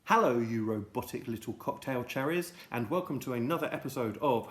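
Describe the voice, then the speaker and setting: A man rambles through a comic children's monologue in a silly, mock-pompous tone. His voice sits at a middle pitch and carries the echo of a roomy indoor space. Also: expressive, a little fast, hardly any pauses, background noise. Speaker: host. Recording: echoey room.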